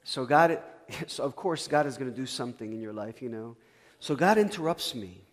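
A man preaching a sermon as pastor, telling a story and swinging between loud bursts and hushed asides. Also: medium pitch, expressive, a little fast. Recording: long reverb of a church hall.

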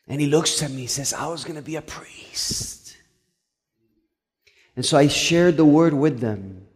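A man's voice: on the high side, a little mellow, in a large hall. A male pastor telling a story in a sermon, earnest, with frequent stumbling restarts.

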